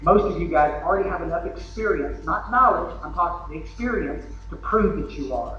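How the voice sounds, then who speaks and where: Texan man, folksy joking podium talk, high voice, echoey hall, dull far-off recording. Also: expressive, fairly quick, a bit bright, a little hiss or hum. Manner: folksy and joking, with acted asides. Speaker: convention speaker. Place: large convention hall.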